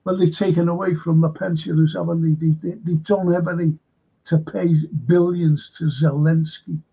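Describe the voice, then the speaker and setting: A man's voice: fairly high pitch, level tone, normal speed, creaky, slightly rough, highs cut off. A man hosting a livestream show, rambling and indignant, swearing as he reads out viewer comments and reacts. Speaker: show host. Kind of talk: casual livestream rant.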